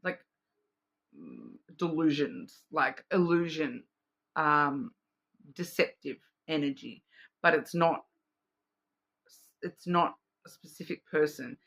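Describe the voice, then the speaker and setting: A woman's voice: sits low, expressive, slow pace, vocal fry, long pauses, fairly bright tone, slightly rough. Rambling Australian woman reading cards. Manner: rambling, hesitant, many fillers and restarts. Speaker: card reader. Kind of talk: casual intuitive card reading.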